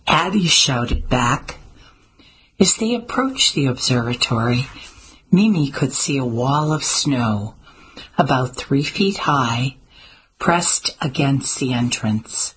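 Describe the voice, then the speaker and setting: A woman narrating a story in a steady, measured way, with small slips now and then. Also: very deep voice, breathy edge, rough recording. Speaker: audiobook narrator. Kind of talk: scripted narration.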